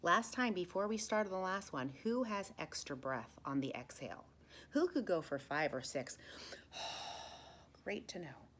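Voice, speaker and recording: A woman teaching meditation, counting breaths and guiding a mantra, often dropping into soft whispers. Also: on the low side, expressive, a little slow, a little hiss or hum. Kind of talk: guided meditation lesson.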